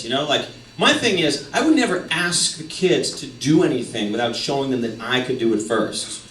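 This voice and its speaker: A man's voice: mid-range voice, a bit bright, slight background noise. A man from Boston doing a stand-up comedy set, chatty and rambling with fillers and tag questions. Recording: roomy live club mic from a distance. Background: audience laughter.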